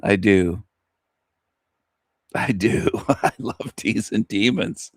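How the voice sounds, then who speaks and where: Slow bragging guy hosting a radio show, taunts a lot, dead dry recording. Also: lowish voice, slightly rough, no room sound. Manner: boastful, taunting, drawn-out. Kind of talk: casual online radio talk.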